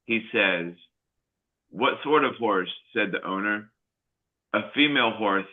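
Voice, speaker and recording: An American man in casual group banter, telling a joke haltingly and laughing a lot. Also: fairly low pitch, animated. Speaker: live show participant. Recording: tinny phone-like line.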